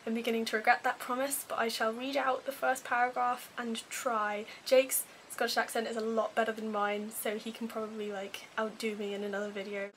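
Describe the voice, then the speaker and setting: A woman's voice: fairly high pitch, level tone, a little fast, hardly any pauses, background noise. A woman with a posh English accent giving a chatty, wry, self-deprecating book review. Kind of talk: casual book review vlog.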